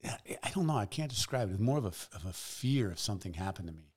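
A man talking as a podcast guest in casual conversation, telling stories in a measured, reflective way. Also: on the low side, sing-song, a little mellow, breathy edge. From United States. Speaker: guest, public defender.

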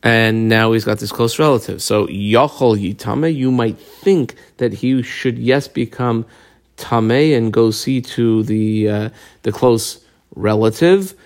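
A man's voice: mid-range voice, takes it slowly. A man giving a casual Talmud lesson, explaining a passage step by step and mixing Hebrew and Aramaic terms into his English. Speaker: Talmud teacher.

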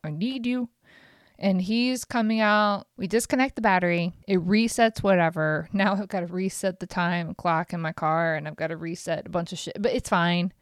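A woman hosting a solo podcast, telling an exasperated, profane story in an animated way. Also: on the low side, moderate pace, hardly any pauses, clear, resonant tone, no room sound, clean studio sound. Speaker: podcast host.

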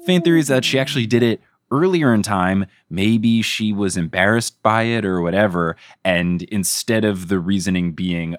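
A man's voice: lowish voice, moderate pace, hardly any pauses, dry recording, clean studio sound. A man hosting a podcast, upbeat and easygoing as he sets up the chat. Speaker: podcast host.

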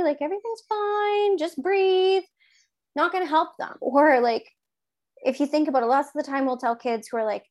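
A woman in her thirties with a fairly high voice, talking casually about raising kids. She is animated and jumps into the quoted lines in a higher voice. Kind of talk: casual parenting chat.

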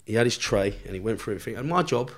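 A man's voice: fairly low pitch, animated, very fast. A man, a podcast guest telling a story in casual chat, swearing constantly and laughing along with his own tale.

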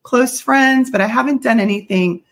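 A woman's voice: a little high, normal speed. A middle-aged woman from the American South with only a faint Southern accent, chatting as a guest in an interview, upbeat and full of fillers. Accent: slight Southern US. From US South (South Carolina). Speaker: guest, company CEO. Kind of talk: casual interview talk.

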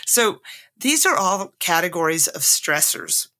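This podcast host, a middle-aged woman, has a lowish, pushed, bright voice that swings widely in pitch as she talks at a measured pace. Laughing frequently, she shares a frank story from her own life in an easygoing monologue.

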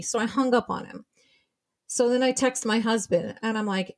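A woman's voice: on the high side, moderate pace. A woman, a bereaved mother, telling her story as a guest, quoting the people involved and sounding shaken as she retells it. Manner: retelling events with quoted dialogue, shaken. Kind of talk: emotional personal account.

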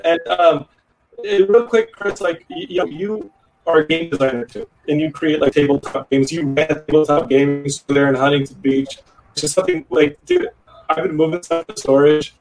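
A man from Texas hosting a podcast, chatting casually with a guest in an excitable, joking way full of "like" and "dude". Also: on the high side, moderate pace, soft background music, poor audio. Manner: excitable, joking, loose filler-heavy talk. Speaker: podcast host. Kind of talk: casual interview chat.

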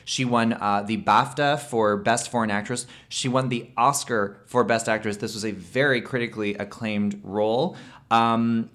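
A man co-hosting a film podcast, chatting casually and laughing often between drawn-out pauses. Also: medium pitch, fairly bright tone. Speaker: podcast co-host.

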